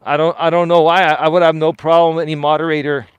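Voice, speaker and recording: A man's voice: a little high, level tone, quick pace, clean tone, no echo, lo-fi sound. A man, a life coach, chatting casually on a livestream while out walking, reading viewer comments and answering them. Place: outdoors on a walk.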